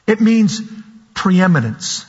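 A man preaching a sermon in a church hall, slow and emphatic, repeating key words. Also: high-pitched, big pitch swings, darkish tone, breathy edge. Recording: dull sound with long hall reverb.

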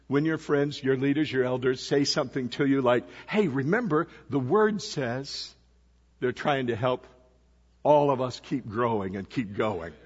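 High husky preacher in a dull echoing hall. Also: male voice. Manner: storytelling, asks the congregation questions. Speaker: visiting pastor. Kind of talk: sermon. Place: church sanctuary.

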